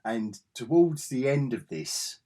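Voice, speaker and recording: A man's voice: mid-range voice, sing-song, slow, dark tone. A man talking through comic books in a casual review vlog, chatty and enthusiastic.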